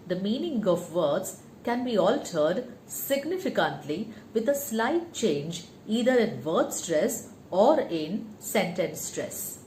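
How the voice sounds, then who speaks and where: Female teacher, slow and expressive, lesson on word stress. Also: medium pitch, a little hiss or hum. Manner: slow, careful, reads example words twice. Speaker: English teacher. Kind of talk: pronunciation lesson.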